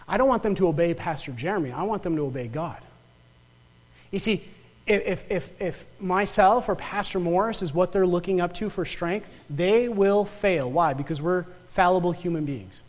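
Male pastor, Yooper accent, high voice, emphatic sermon delivery, reverberant church hall. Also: a little mellow. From northern Michigan. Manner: emphatic preaching with rhetorical questions and repeated words.

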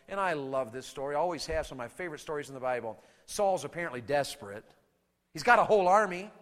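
High-voiced preacher shouting in a hall. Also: male voice, animated, fast. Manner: swings between hushed asides and shouted acted-out battle cries; calls out to the congregation for responses. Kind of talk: sermon.

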